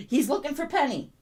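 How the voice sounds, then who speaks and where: Lively, slow-talking woman cooing at a puppy. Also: on the high side, slightly rough. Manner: coos and baby-talks to a puppy, laughs often. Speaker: livestream host. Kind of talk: casual livestream chat with her puppy.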